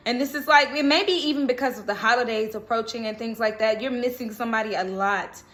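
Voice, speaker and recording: Young woman, tarot reader, chatty, reassuring, bright voice. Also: a little high, quick pace. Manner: chatty, reassuring, frequent "okay?" check-ins. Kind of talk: casual tarot reading to camera.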